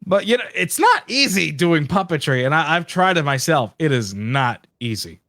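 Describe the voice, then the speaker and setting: A man's voice: a little high, very animated, moderate pace, a bit bright. A man co-hosting a casual show chat, enthusiastically plugging upcoming episodes. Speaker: co-host.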